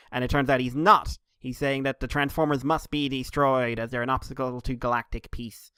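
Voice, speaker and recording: A man's voice: medium pitch, level tone, moderate pace, few pauses, sharp tone, smooth, dry recording, clean studio sound. A man co-hosting a casual podcast, recapping comics in a rambling, laughing way. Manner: rambling, laughing, with jokey quoted voices. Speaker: podcast co-host.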